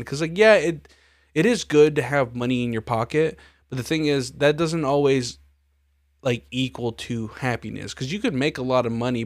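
A man's voice: medium pitch, dry recording. A young man hosting a podcast, chatting in a laid-back way, swearing freely and laughing often. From grew up in a Hispanic neighborhood in the United States. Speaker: podcast host. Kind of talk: casual podcast chat.

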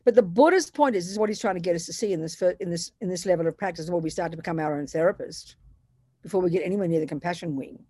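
A woman teaching Buddhist ideas in a conversational dharma talk, animated and self-deprecating, slipping into other people's voices to make her points. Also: lowish voice, very fast, breathy edge, no echo. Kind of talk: dharma talk to a retreat group.

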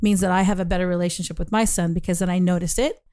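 A woman's voice: lowish voice, steady tone, very fast, mellow. A middle-aged woman co-hosting a talk show, sharing personal stories in a candid, self-deprecating way. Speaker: co-host. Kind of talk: casual chat.

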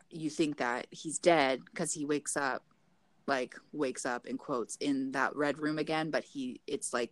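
Low-voiced woman casually recapping a show. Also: no echo. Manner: animated, acts out characters' lines in raised pitch; frequent fillers like "like". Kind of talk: casual retelling of a TV episode.

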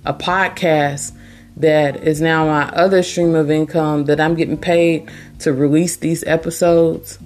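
A woman's voice: deep voice, flat delivery, measured pace, darkish tone, soft background music. A woman hosting her own podcast, talking earnestly and emphatically, repeating her key points. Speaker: podcast host. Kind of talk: casual motivational monologue.

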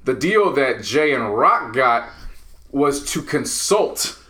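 A man co-hosting a podcast, calmly laying out his argument step by step in a casual debate among friends. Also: medium pitch, slow, slight background noise. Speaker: podcast co-host.

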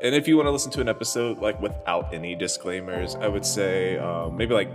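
A man's voice: low-pitched, a little fast. A man recording a rambling, self-deprecating disclaimer for his podcast. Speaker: podcast host. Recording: roomy reverb with loud music behind. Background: guitar music.

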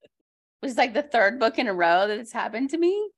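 Gravelly chatty woman book-talk host. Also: on the high side, big pitch swings, normal speed. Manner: chatty, laughs easily, many asides. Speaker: school librarian podcast host. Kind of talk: casual book talk chat.

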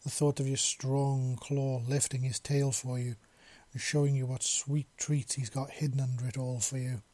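A man reading aloud puts on a big scaly clawed creature with a deep, husky purr that sits low and soft. The voice is mellow and a little breathy. The room sounds dry and close. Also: steady tone, moderate pace, no room sound, close to an everyday voice. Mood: purring, teasing. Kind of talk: storybook reading.

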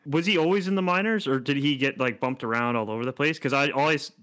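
A man's voice: medium pitch, fast talker, a bit bright. A man co-hosting a casual sports podcast, laughing often and acting out quotes as he talks. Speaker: podcast co-host. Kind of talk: casual hockey chat.

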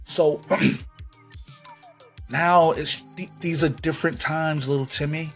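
A man hosting a podcast, delivering a profane comic rant that swings between yelling and low muttering. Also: fairly even intonation, takes it slowly, long pauses, faint music behind. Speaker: podcast host.

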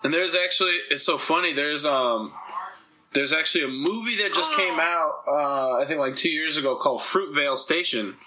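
A young adult man hosts a laid-back podcast, spinning animated stories where he acts out the quotes and swears freely. His voice is slightly high and moves at a normal speed. The audio quality is poor, with a bit of noise in the background.

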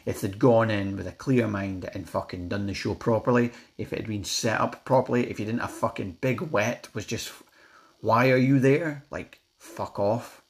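A young Scottish man, a vlogger reviewing a comedy special in an angry, heavily sweary rant. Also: on the low side. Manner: angry, sweary, animated ranting. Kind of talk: ranting review.

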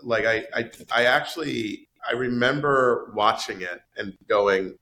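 A man in casual podcast chat about a film, animated and swinging his voice up high for emphasis. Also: a little slow, a little hiss or hum. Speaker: podcast panelist discussing a film.

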